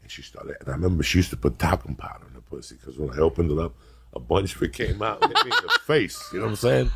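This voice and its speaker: Speaking fast in a low voice with vocal fry and wildly swooping pitch, a middle-aged man hosts a podcast in a very noisy setting. His storytelling is casual, rambling and profane, broken up by frequent laughter.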